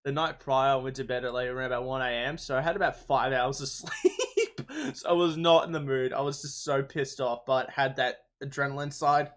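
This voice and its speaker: A young man from Melbourne with an Australian accent, telling a rambling, excitable story in casual podcast chat, swearing and laughing often. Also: mid-range voice, normal speed. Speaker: podcast host.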